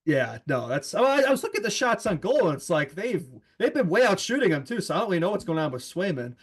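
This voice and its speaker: Fast-talking man on a hockey show. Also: sits high, sing-song, breathy edge. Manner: chatty, laughs often, many fillers. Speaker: co-host. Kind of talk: casual sports talk.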